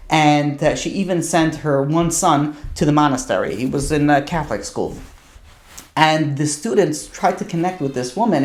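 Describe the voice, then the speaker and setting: A man, a rabbi, telling a long story in a lively way, full of "you know" asides. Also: on the high side. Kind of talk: storytelling talk. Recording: roomy echo.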